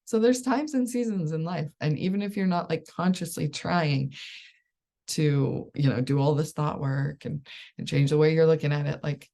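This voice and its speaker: Low gravelly woman coaching casually. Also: moderate pace. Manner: conversational, reassuring, frequent "right?" and soft laughs. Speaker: life coach. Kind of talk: casual solo coaching talk.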